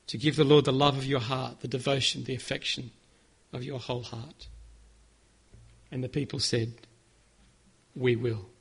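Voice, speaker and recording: A man's voice: medium pitch, flat delivery, moderate pace, creaky, pauses often, husky. A man preaching a sermon, earnest and direct, leading his congregation in a call-and-response. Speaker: pastor.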